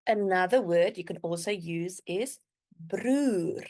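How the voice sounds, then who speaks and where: A woman teaching a beginner language lesson, drawing out words slowly and clearly for learners to repeat. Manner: slow, drawn-out modeling of words with lively pitch.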